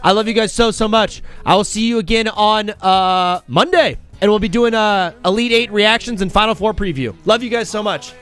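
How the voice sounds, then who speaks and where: A man's voice: sits high, moderate pace, few pauses, smooth. A man hosting a casual live sports talk show, rambling and jokey, often stopping and restarting his sentences. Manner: animated, rambling, self-interrupting, jokey.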